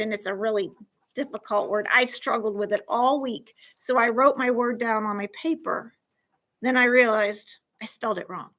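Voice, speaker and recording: A woman teaching a class of fourth graders, with a bright, fairly high voice. She talks in an animated way, acts out small scenes and keeps asking the children questions. Her style is friendly and suited to young kids. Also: low-quality recording. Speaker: school counselor teaching a class.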